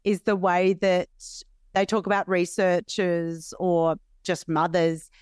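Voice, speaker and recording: A woman's voice: fairly low pitch, little pitch movement, takes it slowly, a little mellow, smooth, dry recording, clean studio sound. A young Australian woman co-hosting a podcast in casual chat, talking things through aloud and laughing easily. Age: young adult. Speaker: podcast co-host.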